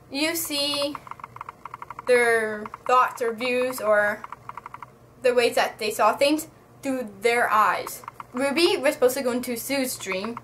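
High-voiced woman ranting about a letdown. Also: background noise. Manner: exasperated, slangy, animated ranting. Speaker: book and movie reviewer. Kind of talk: casual ranting review.

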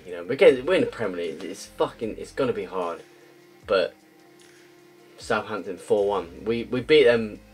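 A man's voice: fairly low pitch, slightly rough. Exasperated young man ranting over gameplay. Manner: exasperated, ranting, swears, repeats himself. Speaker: gaming video creator. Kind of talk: frustrated gameplay commentary. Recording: faint music behind.

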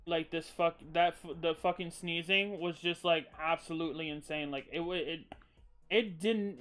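A man's voice: a little high, fairly even intonation, moderate pace, a bit bright, soft background music. A man streaming live and chatting casually with viewers, rambling and swearing freely, a bit loopy after a sneezing fit.

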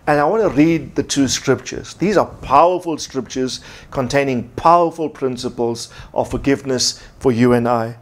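A man's voice: medium pitch, moderate pace. A man preaching a sermon as pastor, from South Africa, emphatic and repeating his key points.

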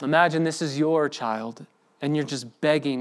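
A man's voice: fairly high pitch, moderate pace. A man preaching a sermon as pastor, acting out the voices of the people he quotes. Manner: expressive preaching, acts out quoted speech.

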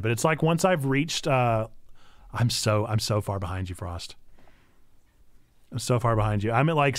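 A man's voice: medium pitch, a little hiss or hum. A young man hosting a game stream, chatting casually with viewers and repeating himself as he talks. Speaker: streamer, co-host. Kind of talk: casual gaming chat with viewers.

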